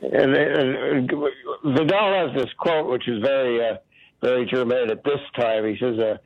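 A man's voice: mid-range voice, moderate pace. A male caller on a radio show, speaking hesitantly and stumbling over his words. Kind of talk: radio call-in talk. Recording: dry tinny phone line.

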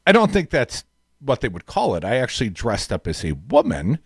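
Joking middle-aged radio host, dry studio. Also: male voice, medium pitch, wildly swooping pitch, moderate pace, creaky, husky, no room sound. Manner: joking, teasing, laughs often. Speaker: radio talk show host. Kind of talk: casual on-air banter.

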